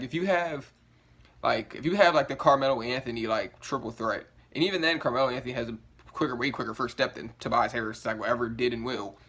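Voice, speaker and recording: A man's voice: mid-range voice, fairly bright tone, husky. A man ranting in a casual vlog, frustrated and rambling, full of filler words and swearing, yawning and groggy from just waking up. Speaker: sports vlogger. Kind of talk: casual rant to camera.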